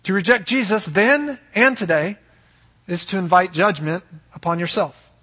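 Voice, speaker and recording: High, bright-voiced preacher man in a reverberant hall. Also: moderate pace. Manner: earnest, emphatic preaching with rhetorical questions. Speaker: pastor. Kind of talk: sermon.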